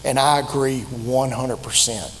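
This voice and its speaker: A man, preaching a sermon in a personal, conversational way that is full of pauses and restarts. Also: medium pitch, fairly even intonation, fairly bright tone. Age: 50s. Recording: reverberant hall with faint hum.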